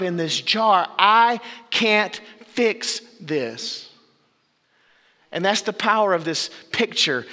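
A pastor preaches a sermon with dramatic pauses, suddenly dropping to low, quiet phrases. The recording carries the long reverb of a big hall.

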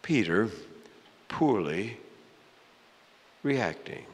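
A male pastor preaching a sermon in a church, dramatic and swinging between loud and hushed. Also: on the low side, expressive, drawn-out words. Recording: long hall reverb.

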